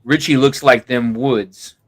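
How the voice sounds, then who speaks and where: A man's voice: medium pitch, fairly even intonation, takes it slowly, no echo. A man joining a casual livestream chat, blunt and offhand.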